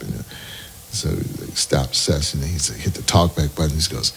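A man, a musician guest, telling animated anecdotes in a casual interview. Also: very deep voice, fast, slightly rough. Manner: animated anecdotes, breaks into sung snippets and quoted voices.

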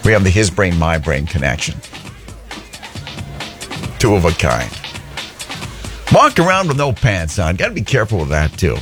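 A man's voice: low voice, sing-song, normal speed, long pauses. A man hosting a morning radio show, chatty and upbeat, punching words for emphasis over a faint music bed. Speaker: radio host.

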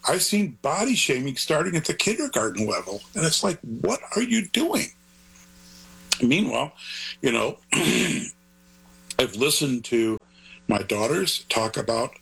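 A man's voice: medium pitch, gravelly, a bit bright, breathy edge, poor audio. An older man, a grandfather, talking as an author guest in an interview, rambling and earnest in a digressive way. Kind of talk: conversational interview.

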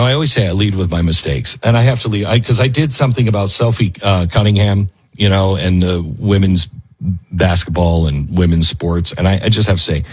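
A male talk radio host with a low, slightly husky voice. He talks sarcastically and rambles, cutting himself off mid-sentence, and reads ads in between. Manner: sarcastic, rambling, self-interrupting. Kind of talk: political talk radio and ad read.

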